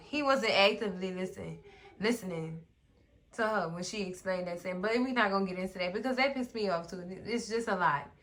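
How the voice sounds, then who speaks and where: A woman in casual recap commentary, animated and sassy, often talking straight to the characters. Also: medium pitch, moderate pace. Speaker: recap vlogger.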